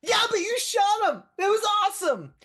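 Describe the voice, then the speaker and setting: A man voicing an excitable, starstruck young bar patron who shouts and swears with delight. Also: high-pitched, fast, breathy edge, pitched above the performer's own voice, exaggerated voice. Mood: excited.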